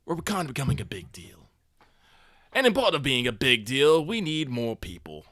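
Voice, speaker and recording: A man playing a gravelly gang boss villain. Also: mid-range voice, big pitch swings, moderate pace, a bit bright, no echo, clean studio sound. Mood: smug menacing. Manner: smug, menacing speech.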